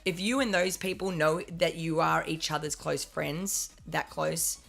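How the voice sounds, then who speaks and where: Low, gravelly woman chatting on a stream. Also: fairly even intonation, a little slow, a bit bright, soft background music. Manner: rambling, restarts and swears while making a point. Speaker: co-host of a live stream. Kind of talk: casual chat on a live stream.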